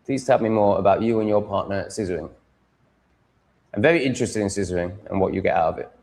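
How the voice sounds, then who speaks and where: Man, low voice, crude, mocking, rambling live-stream chat. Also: fast, a little mellow. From Sheffield, England. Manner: crude, mocking, swears freely.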